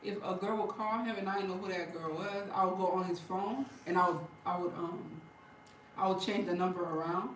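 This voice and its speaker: A woman chatting casually with her viewers, telling stories in an animated way, laughing and breaking into loud bursts. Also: on the low side, fairly quick, a little hiss or hum. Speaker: vlogger talking to viewers. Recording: roomy and distant from the mic.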